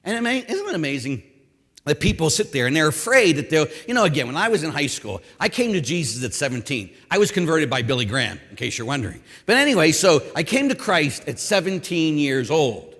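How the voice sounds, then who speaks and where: A man's voice: fairly high pitch, sing-song, a little fast, a bit bright. A man in his fifties from Pittsburgh, a priest giving a conference talk on confession, telling stories with self-deprecating humor and acted asides. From Pittsburgh, USA. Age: 50s. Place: conference hall. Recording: long reverb in a large hall.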